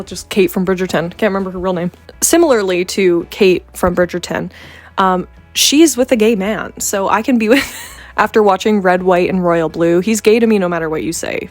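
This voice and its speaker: A young woman from Canada, a vlogger chatting playfully to camera with joking asides. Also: medium pitch. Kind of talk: casual chat to camera.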